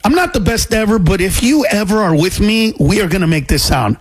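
A male comedian telling a story in casual chat, animated and laughing as he goes. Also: high voice, fairly quick, slight background noise. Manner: animated, loud punchlines, laughs mid-story. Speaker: comedian guest.

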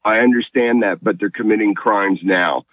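Deep-voiced insistent male caller on a phone. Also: moderate pace, no room sound. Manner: earnest, insistent. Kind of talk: call-in radio conversation. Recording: phone line.

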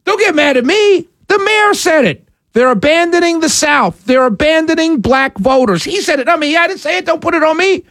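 A man's voice: extremely high pitch, lively intonation, a little fast, fairly bright tone, no room sound. A male talk show host giving a political commentary monologue, laughing often and slipping into a mock-preacher cadence.

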